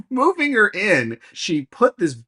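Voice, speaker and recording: A man co-hosting a podcast, chatting casually and telling animated stories with acted-out quotes. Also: high-pitched, slow pace, slightly rough. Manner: animated storyteller who acts out quotes. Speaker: podcast co-host. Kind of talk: casual chat, storytelling.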